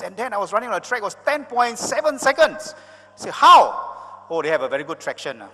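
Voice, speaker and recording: A man's voice: mid-range voice, fairly bright tone. Rousing Malaysian man speaking in a hall. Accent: Malaysian English. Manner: emphatic, rousing, chatty asides. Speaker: motivational speaker. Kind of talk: live conference presentation. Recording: reverberant conference hall.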